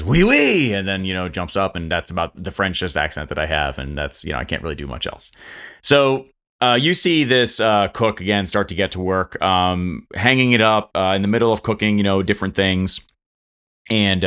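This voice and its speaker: A man's voice: low-pitched, fairly bright tone, smooth. A man narrating a tabletop game as game master, rambling with many fillers.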